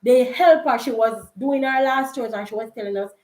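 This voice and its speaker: A young woman with a Jamaican accent chats through a personal story for her vlog, laughing easily and sliding into patois. Her voice sits a bit high. The room gives it a roomy echo. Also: normal speed, a little mellow. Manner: chatty, laughing, slips into patois. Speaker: vlogger.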